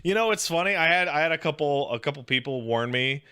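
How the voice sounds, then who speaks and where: A man's voice: fairly high pitch, lively intonation, fast talker, bright, forceful tone, smooth. A man in his thirties co-hosting a casual podcast, joking and mock-grumpy, slipping in ad reads. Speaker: podcast co-host. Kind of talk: casual chat.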